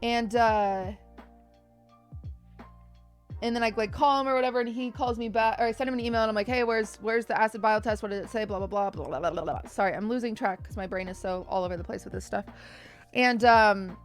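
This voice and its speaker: A woman's voice: on the high side, fast, faint music behind. Stressed, rambling young woman streamer. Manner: rambling, stressed storytelling with quoted dialogue. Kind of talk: casual chat to stream viewers.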